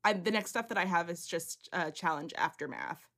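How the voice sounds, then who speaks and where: A woman's voice: lowish voice, lively intonation, normal speed, creaky, a bit bright. A young woman co-hosting a podcast in casual chat, playful and teasing, laughing often. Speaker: podcast co-host.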